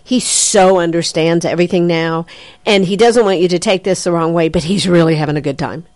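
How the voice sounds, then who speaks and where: A woman psychic medium talks through a reading in a lively, chatty way, full of ums and quick apologies. She keeps jumping into excited, higher quoted voices as she relays what she hears. The sound is dry and close, with no room around it. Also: dry recording. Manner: animated, breaks into excited quoted voices of the spirit, frequent fillers and apologies. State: says she has a headache.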